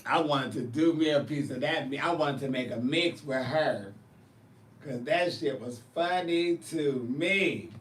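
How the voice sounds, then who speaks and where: A man with a higher-than-usual voice, chatting casually with viewers as a drag performer and show host. He tells animated, profane stories, and he sits back from the mic in a roomy space. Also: unhurried, far from the mic, slight background noise. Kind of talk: casual chat answering viewers.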